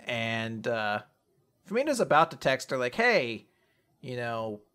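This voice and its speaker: Man, podcast co-host, lively delivery, bright voice, plays the characters' lines. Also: mid-range voice, clean tone. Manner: animated, acts out character lines in quick voices, swears freely. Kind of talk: casual manga recap chat.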